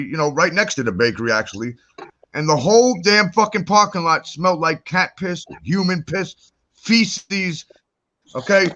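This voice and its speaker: Brief: male guest, bright, cutting voice, swearing heavily while telling a heated story. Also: high-pitched, highs cut off. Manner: profane, heated, animated ranting. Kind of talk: casual talk-show storytelling.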